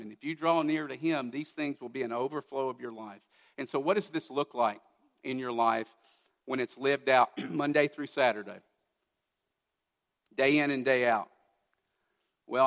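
This pastor preaches in a church sanctuary, his somewhat high, fairly bright voice filling a large hall. His sermon is earnest yet conversational, sprinkled with personal remarks aimed at the congregation.

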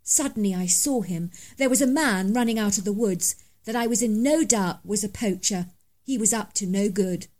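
A woman's voice: medium pitch, normal speed, darkish tone. Woman narrating a dramatic story. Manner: dramatic, emphatic reading. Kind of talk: scripted first-person story narration.

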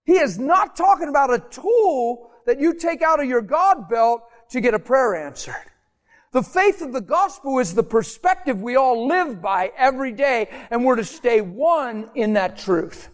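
High-voiced impassioned preacher, a man. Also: very animated, measured pace. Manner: impassioned, rising to high emphatic peaks then dropping soft; acts out quoted voices in conversational asides. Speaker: pastor. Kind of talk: sermon.

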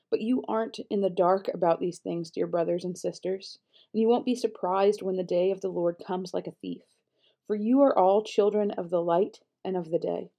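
Mellow-voiced woman reading scripture. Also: medium pitch. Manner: measured, steady read-aloud delivery with occasional self-corrections. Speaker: Bible reader.

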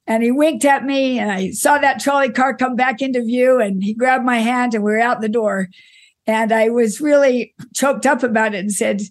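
Middle-aged woman, interview guest, slightly high pitch, reminiscing with restarts. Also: moderate pace. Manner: warm reminiscing with frequent restarts and soft laughs. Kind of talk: conversational storytelling.

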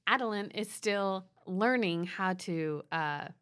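A woman's voice: mid-range voice, expressive, slow, a bit bright, smooth. A woman in her thirties co-hosting a podcast, chatting and explaining parenting advice. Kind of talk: casual conversational advice.

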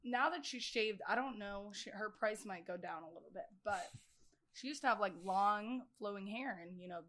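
A woman's voice: medium pitch, moderate pace, a bit bright, a little hiss or hum. A young woman, a guest, chatting casually in a bar with a laid-back, filler-heavy way of talking. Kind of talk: casual chat.

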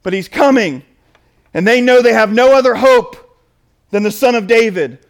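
A man's voice: very high voice, moderate pace. A man preaching a sermon and reading scripture, emphatic, often putting questions to his listeners. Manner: emphatic, asks the audience questions.

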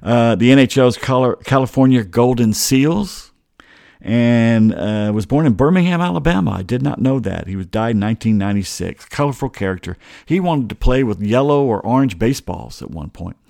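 A middle-aged man from Georgia hosts a relaxed on-this-day sports history segment. He wanders off on tangents and stalls when he loses his train of thought. His voice sits at an ordinary pitch and sounds dry and close, with no room echo. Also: moderate pace, creaky. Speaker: sports talk host.

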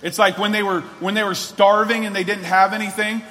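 A male pastor preaches in a high, bright voice and keeps his talk earnest and conversational, restarting his sentences often. His voice rings out with the long reverb of a large church hall. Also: little pitch movement, fairly quick. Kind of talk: sermon.

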